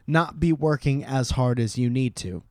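A man's voice: medium pitch, normal speed, a little mellow, no echo, studio quality. A man co-hosting a podcast in loose, casual chat, swearing often and restarting his sentences. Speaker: podcast co-host.

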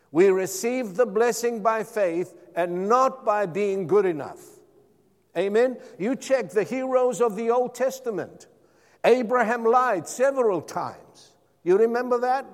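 A man's voice: high-pitched, darkish tone. A male pastor preaching a sermon, drawing the congregation in with repeated calls of "Amen?". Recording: long hall reverb.

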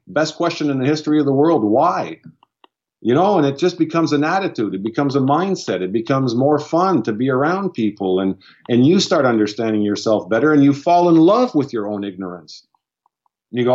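A man's voice: mid-range voice, expressive, fairly quick, darkish tone, husky, highs cut off. A man speaking as a guest in casual chat, blunt and profane, often restarting his sentences. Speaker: podcast guest.

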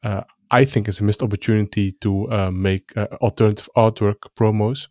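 A man's voice: on the low side, fairly even intonation, a little fast, a little mellow, no room sound, studio quality. A man co-hosting a casual chat, speaking hesitantly with frequent restarts. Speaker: co-host.

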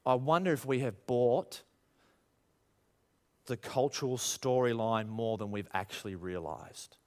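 A man preaching a sermon, animated and full of rhetorical questions, acting out quoted voices. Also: mid-range voice, measured pace. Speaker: pastor.

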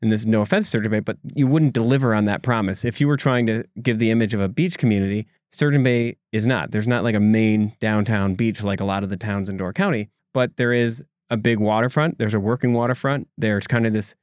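Man, podcast co-host, conversational explainer, low voice, dry sound. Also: steady tone, fairly quick, hardly any pauses, a little mellow, no echo. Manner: conversational, explains with loose asides and restarts. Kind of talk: casual podcast chat.

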